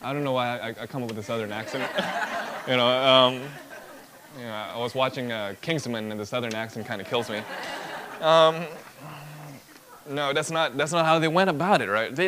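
A man's voice: medium pitch, normal speed, long pauses, a bit bright, slight background noise. A man preaching an expository sermon, emphatic, building points through rhetorical repetition.

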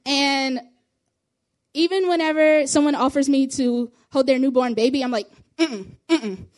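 A young woman, a youth group leader, giving a casual spoken testimony, talking quickly and chattily with little laughs between phrases. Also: high-pitched, fairly even intonation.

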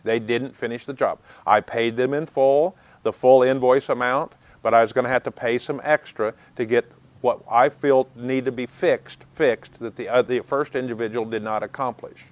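A man's voice: mid-range voice, steady tone, moderate pace, no room sound. Earnest man giving plain advice. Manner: earnest, plain-spoken, with frequent fillers and restarts. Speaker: speaker giving advice on resolving conflict. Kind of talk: unscripted advice talk.

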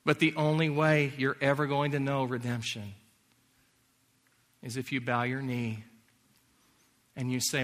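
A man preaching a sermon in earnest, sometimes dropping to a hushed near-whisper. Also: medium pitch, flat delivery, unhurried, long pauses. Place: large hall or chapel. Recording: long hall reverb.

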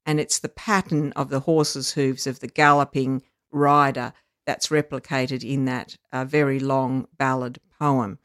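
An educator explains things in a measured, teacherly way, often pausing on um and uh. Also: medium pitch, little pitch movement, fairly bright tone, dry recording, studio quality. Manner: measured, teacherly, frequent ums and uhs. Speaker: literacy educator. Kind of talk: explanatory podcast chat.

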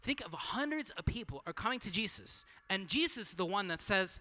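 A man's voice: high-pitched, expressive, fairly quick, hardly any pauses, pushed and bright, in a large hall. A man preaching a sermon in a conversational way, asking rhetorical questions and restarting his phrases. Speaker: pastor.

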